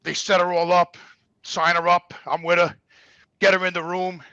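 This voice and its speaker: A man's voice: sits high, little pitch movement, moderate pace, pushed and bright, dry recording, muffled recording. A man telling a story casually, swearing constantly and acting out the voices of the people in it. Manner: profane, emphatic, acts out quoted voices. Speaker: guest storyteller.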